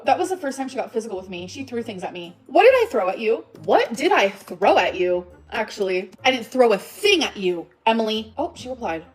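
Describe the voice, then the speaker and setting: A woman vlogger ranting emotionally in a rambling, profane way. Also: high-pitched. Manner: rambling, profane, shifts between laughing and upset. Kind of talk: emotional vlog rant.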